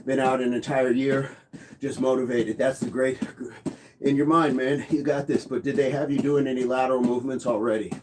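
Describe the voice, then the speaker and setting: Man at a medium pitch, hosting a live workout and greeting chat by name, with a faint hiss behind him. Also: fairly even intonation, brisk. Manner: counts reps aloud, greets viewers by name. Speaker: fitness livestream host.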